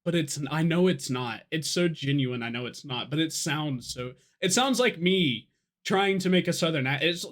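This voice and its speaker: A man's voice: a little high, lively intonation, moderate pace, fairly bright tone. Tipsy, profane young man podcaster. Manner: rambling, profane, laughing often. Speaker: podcast co-host. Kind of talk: casual drinking podcast chat.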